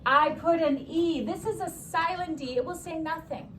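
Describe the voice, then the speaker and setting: A young woman teaching spelling to a class, her high voice calling out words and drawing them out for emphasis. She talks with upbeat quick asides between the words. Faint room noise sits beneath her in the classroom. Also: a bit bright.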